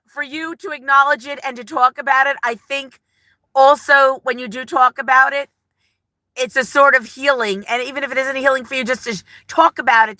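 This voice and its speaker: A middle-aged woman talks into a phone held in her hand as she sits in her parked car, her voice bright and a little high. She comes across gentle and heartfelt, rambling through fillers as she reads out viewers' comments. The sound is close and dry, with no room echo. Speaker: vlogger on a livestream. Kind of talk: casual live chat, reading comments.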